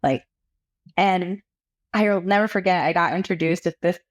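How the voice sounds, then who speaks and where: A South Texas woman who founded a women's health company tells stories in a casual interview, her voice lowish and her pace moderate. She's an animated storyteller, acting out quotes and laughing often.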